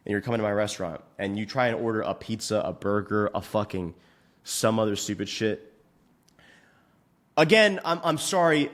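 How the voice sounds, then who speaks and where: A male fitness coach in a profane, mock-outraged comedic rant, swearing constantly. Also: mid-range voice.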